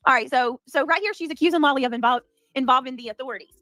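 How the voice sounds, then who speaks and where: A woman's voice: high voice, racing, pushed and bright, no room sound, rough recording. A woman hosting a livestream, talking in a chatty, sassy way and thanking viewers by name. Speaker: livestream host. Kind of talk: casual livestream commentary.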